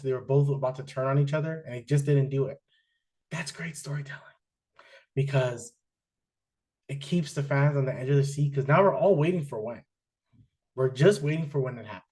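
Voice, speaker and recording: Rambling man reviewing wrestling. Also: medium pitch. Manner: rambling, frequent fillers and restarts, animated when excited. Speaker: wrestling podcast host. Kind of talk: casual chat, reviewing wrestling.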